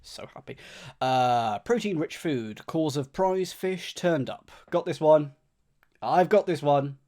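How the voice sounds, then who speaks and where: A man's voice: a little high, slow pace, warm tone. A man streaming himself solving a crossword, thinking aloud, repeating clues under his breath and thanking viewers by name.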